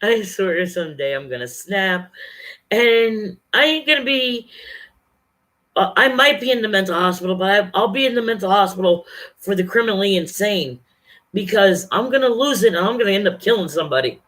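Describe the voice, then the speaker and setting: A bright, forceful voice at an ordinary pitch rambles into a camera at home. The talk is loose and unscripted, with restarts and blunt profanity. It is a casual livestream chat aimed straight at the viewers. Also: lively intonation, normal speed. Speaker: livestreaming vlogger. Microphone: camera or webcam, talking to viewers.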